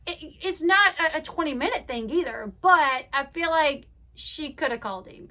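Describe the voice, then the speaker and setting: Young woman, high pitch, opinionated, casual gossip recap, chatty. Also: animated, moderate pace, bright, forceful tone. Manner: chatty, opinionated, retells scenes by acting out quotes. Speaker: reality TV commentary host.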